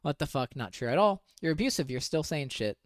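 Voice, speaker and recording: A male streamer reacting to screenshots, reading messages aloud in a flat mumble and breaking in with incredulous, profane commentary. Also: on the high side, a little fast, no echo, clean studio sound.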